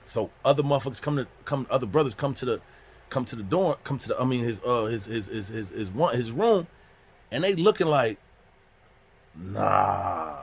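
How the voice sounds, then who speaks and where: A man's voice: medium pitch, expressive, a little fast, breathy edge. A man casually telling a story from prison, acting out the other people in it. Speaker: storyteller host.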